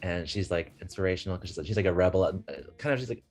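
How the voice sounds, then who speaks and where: Young man, very low voice, animated storyteller, video call audio, faint music behind. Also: fast. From United States. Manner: animated, laughing, acts out voices in his stories. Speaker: guest. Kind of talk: casual storytelling chat.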